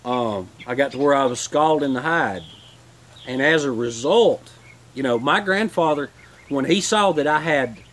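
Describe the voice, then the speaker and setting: A man's voice: fairly high pitch, fairly bright tone. A man hosting a homesteading channel, telling rambling, heartfelt stories in a casual livestream.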